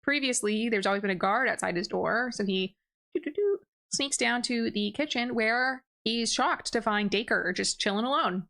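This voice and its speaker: A woman's voice: a little high, moderate pace, creaky, few pauses, sharp tone. A woman casually recapping a novel's plot for her book review channel, talking in loose run-on sentences full of fillers. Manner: chatty, filler-heavy with frequent "like" and laughs. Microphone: desk microphone.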